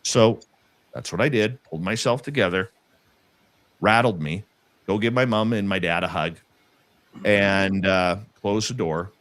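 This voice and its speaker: A man earnestly telling a personal story in casual conversation, halting and restarting as he goes. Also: fairly low pitch, fairly bright tone.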